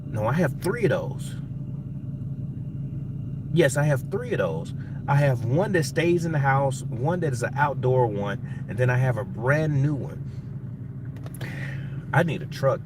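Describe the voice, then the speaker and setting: Rambling man on a livestream. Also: mid-range voice. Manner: rambling, chatty, addresses viewers as y'all. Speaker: livestream gardening host. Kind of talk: casual livestream chat with viewers. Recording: distant mic with faint background noise.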